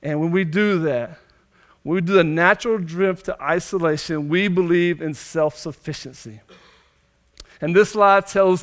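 High-voiced preacher man. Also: a little slow. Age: young adult. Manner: emphatic preaching with repeated phrases. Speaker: pastor. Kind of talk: sermon.

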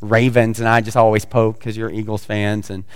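A man's voice: fairly low pitch, level tone, moderate pace, clear, resonant tone, big-room sound. A man preaching a sermon as pastor, talking conversationally with joking asides to the congregation.

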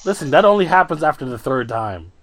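A man's voice: fairly high pitch, very animated, a little fast. A young man bantering casually with friends as a co-host, joking and laughing. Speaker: podcast co-host. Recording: noisy room recording.

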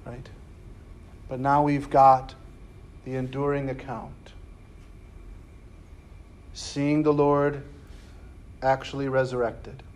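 A man's voice: medium pitch, little pitch movement, takes it slowly, long pauses. A man preaching a casual Bible class, conversational and full of "right?" and slangy asides. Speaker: preacher teaching a scripture class.

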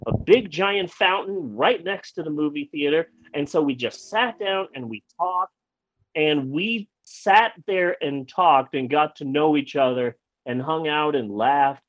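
A man with a fairly high voice tells a personal story in a loose, animated way. He trips over his words, repeats himself and swears freely, and the recording sounds a little dull and lo-fi. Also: unhurried. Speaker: guest telling a personal story. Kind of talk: casual anecdote.

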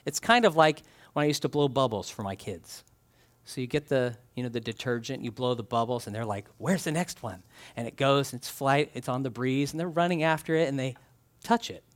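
A man preaching a sermon, reading scripture aloud and telling stories with animated little acted-out scenes. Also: medium pitch, brisk. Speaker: pastor.

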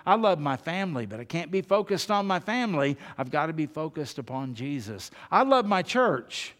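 A man's voice: fairly high pitch, big pitch swings, moderate pace, a bit bright. A man preaching a sermon, emphatic, with rhetorical questions and repeated phrases. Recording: long hall reverb.

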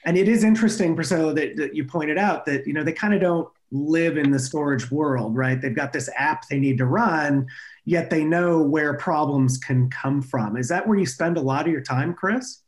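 A man's voice: a little high, moderate pace. A man hosting a podcast interview in an upbeat, chatty way, often restarting his sentences. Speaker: podcast host. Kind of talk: conversational interview.

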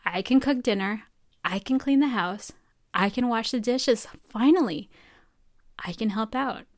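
A woman's voice: fairly high pitch, a little slow. A woman in her twenties, a medical student, chatting casually and telling stories that act out the voices of the people in them. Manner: animated storyteller acting out quoted dialogue. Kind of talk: casual chat.

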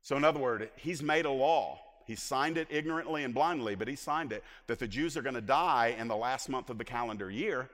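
A man preaching a sermon as pastor, swinging between loud emphatic lines and hushed asides. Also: medium pitch, brisk, few pauses, big-room sound.

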